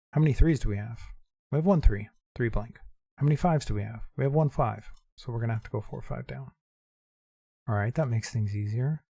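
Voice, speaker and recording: A man talking through daily puzzles in a relaxed, mellow voice, reading clues half to himself and reasoning out loud. His tone sits in an ordinary middle range. The sound is dry and close, with no room around it. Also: medium pitch, no room sound. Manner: thinks aloud, muttering clues and working through puzzles. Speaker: gaming channel host. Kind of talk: casual puzzle-solving commentary.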